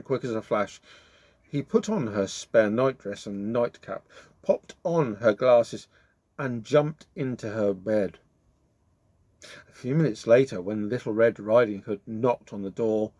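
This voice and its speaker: A man telling a children's story with lots of expression and a lively, swooping pitch. The sound is dry and close, with no room echo. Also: breathy edge.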